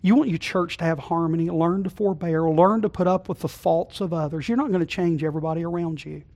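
High-voiced folksy preacher, loud to hushed. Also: male voice, fast. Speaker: pastor. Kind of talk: sermon. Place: church sanctuary.

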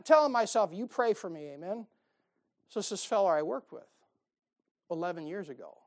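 Pastor, male, folksy sermon delivery: rhetorical questions, playful asides, swings from hushed to loud. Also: high-pitched. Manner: folksy, animated preaching with rhetorical questions and humor.

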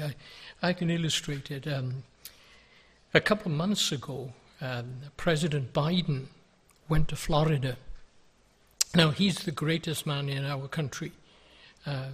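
An older man preaching a sermon, earnest and pleading, with many rhetorical questions and a husky voice. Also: a little high, fairly bright tone. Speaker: pastor.

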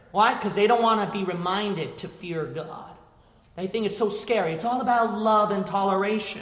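A male preacher delivering a fervent sermon, high and bright in tone, building from quiet talk into shouted emphasis. His voice rings through a church hall with long, echoing reverb.

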